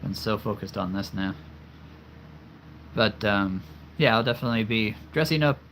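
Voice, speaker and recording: A man's voice: fairly low pitch, moderate pace, background noise. A man chatting casually on a livestream, answering viewers with frequent laughter while losing his voice. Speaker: livestream host.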